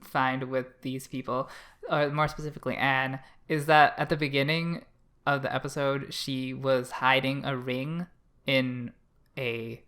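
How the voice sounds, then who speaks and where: A podcast co-host talking about an anime episode in a casual, animated way, full of fillers and swearing. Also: medium pitch, a little slow. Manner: chatty, animated, many fillers and acted asides. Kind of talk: casual anime review chat.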